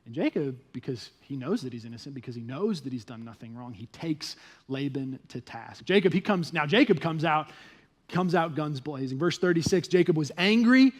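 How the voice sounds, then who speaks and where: A young adult man preaching a sermon at a church, telling the story with animated delivery and acting out the people's voices. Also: on the high side, moderate pace. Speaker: pastor. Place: church stage.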